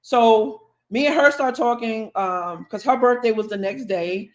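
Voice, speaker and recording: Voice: medium pitch, unhurried. A podcast co-host telling a long, chatty anecdote in casual conversation, acting out the dialogue along the way. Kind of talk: casual storytelling.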